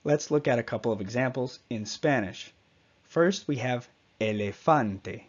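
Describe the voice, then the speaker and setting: A man leads a pronunciation lesson at an unhurried, deliberate pace, patiently saying each example word twice. His voice sits in a middle register. The audio is slightly dull and muffled. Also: medium pitch. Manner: patient, repeats example words slowly. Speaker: Spanish teacher. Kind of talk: slow, clear pronunciation lesson.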